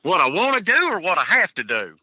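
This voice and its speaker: Bright-voiced man in his forties. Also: high voice, huge pitch swings, brisk, no room sound, dull audio. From Tennessee, USA. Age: 40s. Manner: folksy, joking, chuckles between answers. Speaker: guest hunter. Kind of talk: casual podcast interview.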